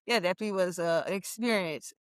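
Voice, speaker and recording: A young woman from Memphis, a former football captain, telling her story as a lively interview guest who laughs often. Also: fairly low pitch, fast talker, dry recording. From Memphis, USA. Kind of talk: casual interview talk.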